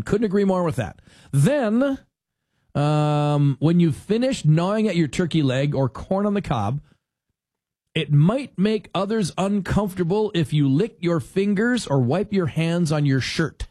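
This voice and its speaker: A man's voice: fairly high pitch, moderate pace, no echo, studio quality. A man hosting a talk show, chatting casually and rambling a bit as he tells stories and acts out what people say. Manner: animated storyteller who acts out quotes; rambling with restarts.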